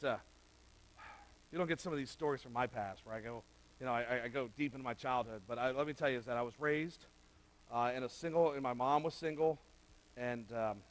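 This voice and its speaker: In a church sanctuary, a middle-aged pastor preaches at a medium pitch, and the recording is rough. His tone is conversational as he speaks straight to the men gathered there.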